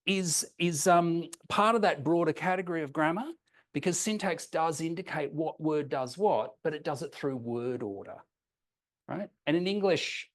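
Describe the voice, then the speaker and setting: A man presenting an academic paper with slides, explaining patiently and checking in with listeners, with frequent ums and restarts. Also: a little high. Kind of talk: conference talk with slides.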